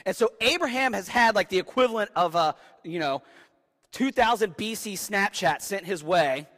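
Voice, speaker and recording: High-voiced young preacher in a reverberant hall. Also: male voice, animated, moderate pace, fairly bright tone. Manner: keeps asking "right?" and acts out voices in quotes. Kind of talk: casual conversational sermon. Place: church hall with a live audience. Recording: long reverb of a large hall.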